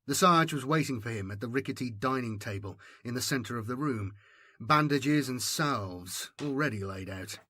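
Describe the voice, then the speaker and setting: Male narrator, mid-range voice, even storytelling, dead-dry studio sound. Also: mid-range voice, moderate pace, no echo. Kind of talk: audiobook narration.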